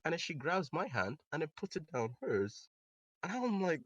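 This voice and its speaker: A young man spins a casual story on a podcast with a lively, swooping pitch, his rambling peppered with fillers and mimicked quotes. The recording is close and dry, with no room around the voice. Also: moderate pace, slightly rough, no room sound, dull audio. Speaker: podcast co-host. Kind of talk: casual anecdote telling. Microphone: close podcast microphone.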